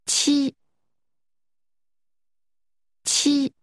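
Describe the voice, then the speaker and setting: A woman modeling phrases for a language course with careful, deliberate enunciation. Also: dry recording, studio quality. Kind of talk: slow model pronunciation.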